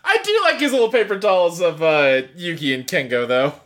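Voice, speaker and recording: Cohost cracking jokes about the episode, pitch swings a lot. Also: sing-song. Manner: joking, quick to laugh. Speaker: podcast co-host. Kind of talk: casual chat.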